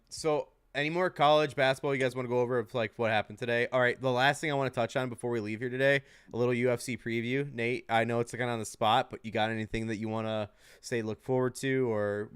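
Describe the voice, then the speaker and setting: Young guy hosting a sports pod, mid pitch, dry close mic, swears a lot. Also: fast talker, clear, resonant tone, dry recording. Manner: animated storytelling, swears freely. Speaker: podcast host. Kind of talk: casual sports chat.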